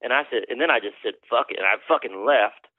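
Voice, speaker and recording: Calling in by phone, a country musician guest rambles through profane stories during a relaxed interview. He talks fast in a mid-range voice, and the line sounds tinny and dry with no echo.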